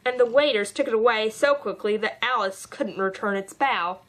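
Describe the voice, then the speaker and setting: A woman's voice: a little high, moderate pace, a bit bright. Woman reading a children's classic aloud. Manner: reads with occasional stumbles and restarts. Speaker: volunteer reader. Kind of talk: audiobook narration.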